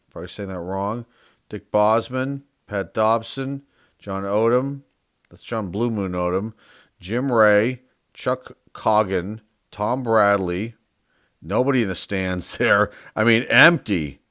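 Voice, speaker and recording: Slow, smooth-voiced man musing over cards. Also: fairly low pitch, a bit bright, no echo, studio quality. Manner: reads names off one by one, musing aloud, unsure of pronunciations. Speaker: sports card collector and channel host. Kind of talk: casual card-by-card commentary.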